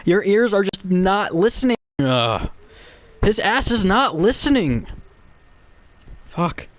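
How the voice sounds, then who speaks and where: A man's voice: sits high, sing-song, takes it slowly, no room sound. A young man streaming, telling stories in a rambling, profane way full of fillers. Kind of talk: casual live-stream chat. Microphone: streaming mic.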